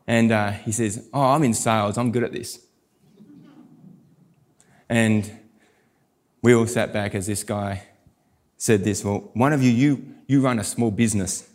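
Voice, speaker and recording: A middle-aged pastor, preaching a sermon and telling stories with animated quoted voices. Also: male voice, on the low side, measured pace, long pauses.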